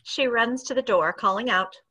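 Bright-voiced woman narrator. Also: a little high, moderate pace, husky. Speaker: narrator reading stage directions. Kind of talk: scripted narration.

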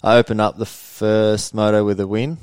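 A young man telling motocross race stories in a relaxed, rambling way, laughing now and then as a podcast guest. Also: lowish voice, normal speed, clean tone, dry recording. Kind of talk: casual interview storytelling.

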